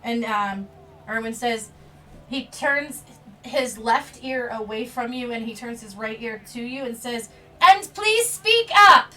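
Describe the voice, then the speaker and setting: Woman, game master, bright voice, higher pitch, hesitant narration, distant mic. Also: steady tone, a little slow. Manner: hesitant, full of ums.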